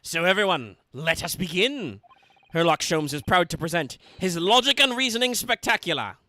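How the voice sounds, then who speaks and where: A theatrical, grandiose gentleman detective with a put-on British accent, voiced by a man and read from a game. Every phrase is declaimed, bright and ringing, with a pitch that rises and falls widely. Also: animated, moderate pace, no echo. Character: pompous male Victorian detective, theatrical, grandiose. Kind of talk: reading game dialogue aloud.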